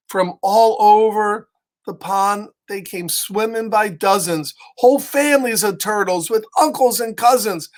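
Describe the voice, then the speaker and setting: A man's voice: high voice, fairly bright tone. A man reading a storybook aloud to children, chatting with them and asking friendly questions between the pages.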